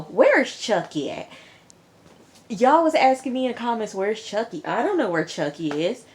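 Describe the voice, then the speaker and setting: A woman's voice: a little high, a little mellow, slight background noise. A young woman chatting casually to her viewers about a TV episode, laughing often and talking straight to the audience. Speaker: TV review vlogger. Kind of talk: casual recap chat.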